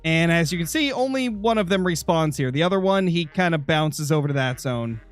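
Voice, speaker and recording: A man's voice: fairly high pitch, animated, brisk, soft background music. A young man streaming a hunting game, chatting casually and answering viewers while nursing a sore, dry throat. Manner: chatty, answering chat messages. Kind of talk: live gaming stream commentary.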